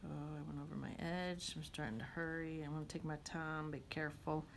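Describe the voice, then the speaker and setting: A woman's voice: low-pitched, flat delivery, brisk, vocal fry, a little hiss or hum. A woman teaching a watercolor demonstration, chatting and thinking aloud as she paints.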